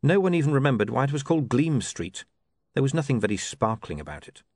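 Guy narrating an audiobook, dry and wry, pitch jumps around a lot. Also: big pitch swings, fast, a little mellow, no room sound. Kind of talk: scripted narration.

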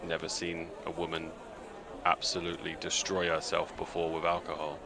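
A man voicing a dry, deadpan male adventurer in a tabletop game, speaking tersely. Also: deep voice, normal speed, creaky, crowd noise.

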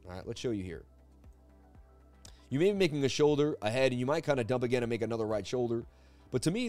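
A man hosting a casual live stream of crypto chart analysis from his seat at a desk, talking in an energetic, rambling, jokey way. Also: medium pitch. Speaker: crypto market analyst host. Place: seated at a desk indoors.

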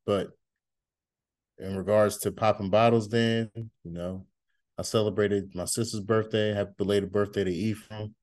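A man's voice: fairly low pitch, steady tone, normal speed, darkish tone, no room sound, clean studio sound. A man co-hosting a casual sports podcast, talking in a laid-back, chatty way. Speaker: podcast co-host. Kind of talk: casual chat.

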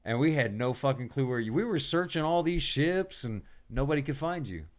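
A man hosting a podcast, casually telling a profane, animated story about his navy days. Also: medium pitch, brisk. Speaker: podcast host.

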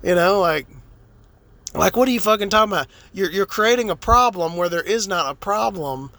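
A man's voice: sits high, lively intonation, moderate pace, vocal fry, bright, forceful tone, no room sound. A man giving a blunt, profane, exasperated rant in a casual vlog.

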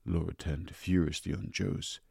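A man reading a story aloud in a measured, deliberate way. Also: low-pitched, fairly even intonation, gravelly, mellow, husky, no room sound, studio quality. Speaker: narrator. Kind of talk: audiobook narration.

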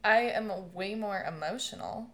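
A young woman in a casual conversation, telling stories with lively bursts of laughter and swearing. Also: mid-range voice, moderate pace. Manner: animated storytelling, laughing often, swearing. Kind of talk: casual chat.

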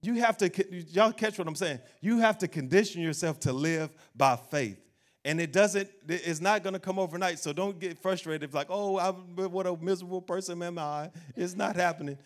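A man preaching an animated sermon as pastor, acting out doubting voices and laughing along the way. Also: high voice, moderate pace.

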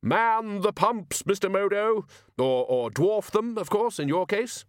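A man voicing a hearty, blustering old wizard who leads a university, loud and jovial. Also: on the high side, wildly swooping pitch, measured pace, no room sound, clean studio sound, pitched above the performer's own voice, full character voice. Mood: hearty, bullish. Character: hearty booming old wizard headmaster, cheerfully bullish.

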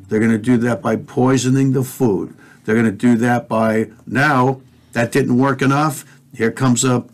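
A man hosting a talk show, ranting in a fiery, preachy way and swearing as he speaks straight to his listeners. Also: mid-range voice. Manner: fiery, profane, preachy, addresses listeners directly. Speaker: podcast host. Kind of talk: heated conspiracy talk show rant.

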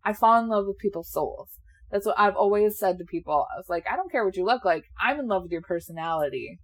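A woman's voice: mid-range voice, lively intonation, quick pace. A woman in her late twenties chatting casually and candidly, laughing often and swearing now and then, a little sleepy. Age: 20s. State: sleepy, yawning. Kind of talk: casual chat.

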